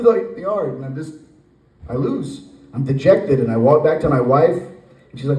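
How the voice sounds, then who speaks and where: A man in his forties doing a stand-up comedy set, telling a rambling story with animated acted voices. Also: a little high, moderate pace. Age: 40s. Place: brewery stage with live audience. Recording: roomy echo, from a distance.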